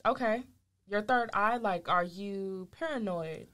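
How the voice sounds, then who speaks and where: A woman's voice: mid-range voice, a little slow, fairly bright tone. A woman co-hosting a casual gossip chat, playful and curious, asking lots of questions. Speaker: co-host of celebrity gossip show.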